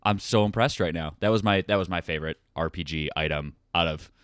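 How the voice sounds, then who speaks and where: A man with a very low, smooth, resonant voice chats on a podcast about tabletop games. He sounds enthusiastic and eager. The sound is dry and close. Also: fast talker, dry recording. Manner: excited, enthusiastic. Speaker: podcast co-host. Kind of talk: casual chat.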